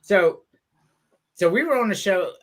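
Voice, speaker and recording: A man's voice: sits high, measured pace. A man hosting a podcast in casual chat, telling stories loosely and swearing as he laughs along. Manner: animated, laughing, profane storytelling. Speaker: podcast host.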